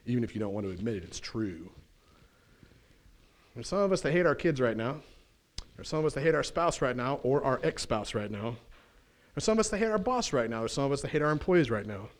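In church, a pastor gives his sermon with plenty of energy and a folksy touch, slipping in casual slang and fast asides. His pitch is medium.

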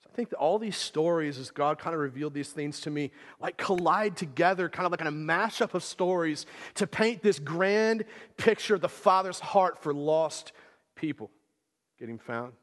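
In a church hall with long reverb, a man with a fairly high, slightly bright voice preaches at a moderate pace. His sermon is casual storytelling, conversational and packed with fillers and "right?" asides.

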